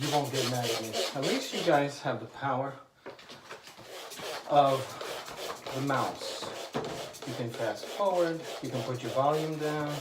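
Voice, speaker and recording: Chatty male tradesman demoing wallpaper hanging; echoey room, steady noise behind. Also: medium pitch. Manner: chatty, joking asides to viewers; talks while working, drifts from the mic. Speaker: wallpaper installer. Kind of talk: hands-on how-to demonstration. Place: indoor room being wallpapered.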